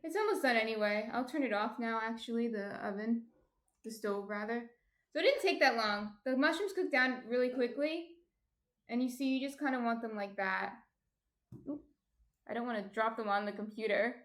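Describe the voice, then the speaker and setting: A woman's voice: fairly high pitch, normal speed. A woman hosting a casual cooking livestream from her home kitchen, chatty and light-hearted. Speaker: cooking streamer host.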